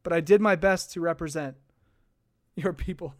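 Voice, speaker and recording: A man's voice: on the high side, moderate pace, no room sound, clean studio sound. A young man hosting a casual sports podcast livestream, rambling and chatty as he thanks viewers between game recaps. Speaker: podcast host. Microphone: desk microphone.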